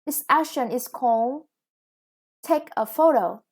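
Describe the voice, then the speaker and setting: A woman English teacher with a Vietnamese accent, explaining grammar in a recorded lesson, slow and patient with many "yeah" and "okay". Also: high-pitched, expressive, slightly rough.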